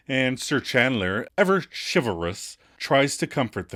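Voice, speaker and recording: A man's voice: medium pitch, very animated, a little slow, fairly bright tone. A man co-hosting a podcast, casually recapping sitcom episodes in a playful way. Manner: playful recapping, quotes characters with mock voices. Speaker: podcast co-host.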